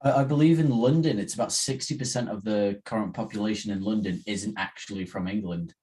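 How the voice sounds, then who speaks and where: Low, mellow-voiced man chiming in. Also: fairly quick. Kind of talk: casual chat.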